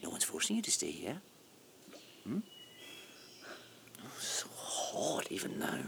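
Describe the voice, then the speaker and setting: An actor playing a bitter, brooding provincial schoolteacher in a radio play, swinging between loud outbursts and hushed whispers. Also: male voice, fairly low pitch, wildly swooping pitch, slow, creaky, background noise, heavily acted.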